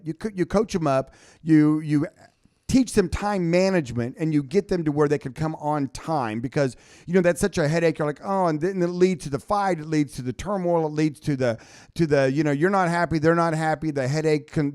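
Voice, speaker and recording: A middle-aged man co-hosting a talk show in an animated, storytelling way. His voice sits a bit high, and he slips into little acted quotes. The recording is dry and close. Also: no room sound. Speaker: co-host, business coach. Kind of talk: casual radio talk show. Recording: dry studio sound.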